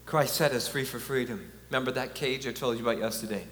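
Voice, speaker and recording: A man's voice: medium pitch, fast, a bit bright. A man giving an earnest, conversational preaching talk with chuckles, at a conference in a large hall. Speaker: conference speaker. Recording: echoey hall, faint hum.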